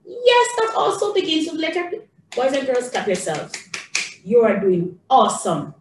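High-voiced lady teaching little kids, slow and encouraging, kinda far from the mic in an echoey room. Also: expressive, a little hiss or hum. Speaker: early childhood teacher. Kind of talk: teaching young children.

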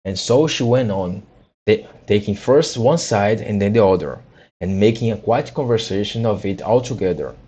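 Low husky man reading a storybook. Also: expressive, warm tone, dull audio. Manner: halting, frequent restarts and repeated words. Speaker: audiobook reader. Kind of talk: reading a children's book aloud.

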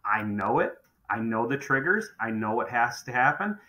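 A man's voice: mid-range voice, very animated, normal speed, bright, forceful tone, low-quality recording. A middle-aged man who runs a contracting business, talking emphatically on a podcast and often repeating phrases as he restarts. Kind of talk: podcast conversation.

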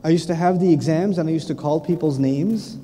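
Lively male preacher in a reverberant hall. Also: a little high, fairly quick. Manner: animated, playful, acts out voices. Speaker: Islamic preacher and teacher. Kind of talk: lively sermon with acted quotes. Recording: long reverb of a large hall.

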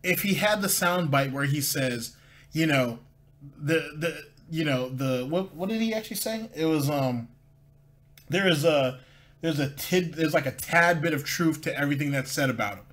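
A man's voice: fairly high pitch, normal speed, a bit bright. A man hosting a casual commentary show, reacting sarcastically to clips and often stumbling and repeating words as he talks. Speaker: commentary host.

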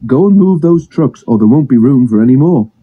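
Edward, a man doing a calm good-humoured old engine. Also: mid-range voice, fairly quick, husky, pitched above the performer's own voice. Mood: amused. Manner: gently amused, reassuring. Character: kind, calm older male engine. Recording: dull lo-fi phone recording.

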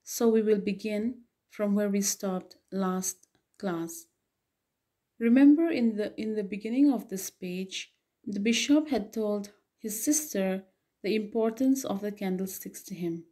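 A woman's voice: mid-range voice, unhurried, dark tone. A woman teacher explaining and reading a play aloud to her students, with frequent okay and so. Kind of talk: literature lesson reading a play.

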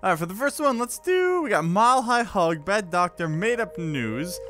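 A man giving casual gameplay commentary as host, giggly and excitable. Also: high-pitched, normal speed, music in the background.

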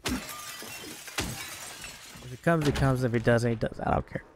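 A young man venting in a casual, rambling way while playing a game, swearing often and filling every pause with "like". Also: medium pitch, noisy background. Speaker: gaming YouTuber.

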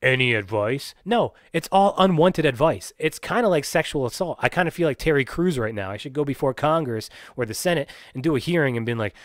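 Profane ranting podcast host, dry sound. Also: male voice, fairly high pitch, expressive, fairly quick, hardly any pauses, no echo. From Pennsylvania. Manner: profane, ranting, many restarts and fillers.

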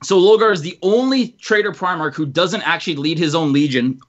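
A man's voice: fairly high pitch, brisk. Rambling man on lo-fi audio. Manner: rambling, long-winded storytelling. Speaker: podcast co-host. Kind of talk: casual chat. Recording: lo-fi podcast audio.

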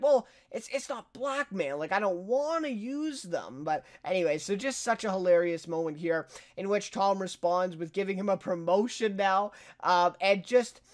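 A young man casually recapping a TV episode as a reviewer, chatty and full of fillers, laughing now and then. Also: sits high. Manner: chatty, filler-heavy, laughs while retelling scenes.

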